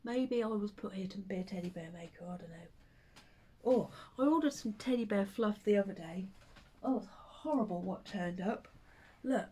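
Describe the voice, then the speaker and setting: A woman's voice: mid-range voice, normal speed, breathy edge. Chatty woman vlogging at home. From United Kingdom. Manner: chatty and rambling, with hesitant ums and soft under-breath asides. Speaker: vlogger and full-time teddy bear maker. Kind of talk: casual chat to camera.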